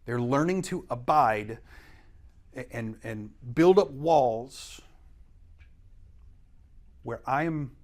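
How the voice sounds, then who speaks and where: A man's voice: medium pitch, expressive, very slow, pauses often, a little mellow. A man teaching an adult Bible study in a church, explaining scripture earnestly and pressing hard on key words. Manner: brief acted quotes of scripture figures. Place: church classroom.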